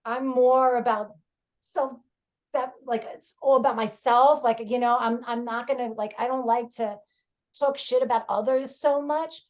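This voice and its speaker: Chatty New York woman, slightly high voice. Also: fairly even intonation, unhurried, a little mellow. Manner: chatty, frank, many fillers, laughs often. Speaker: comedian guest. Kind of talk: casual podcast chat.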